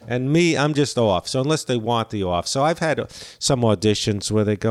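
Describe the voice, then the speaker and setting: A man's voice: mid-range voice, lively intonation, normal speed, smooth. An older man, an actor and comedian, chatting as a guest in an interview, rambling and self-deprecating with many restarts. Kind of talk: casual interview chat.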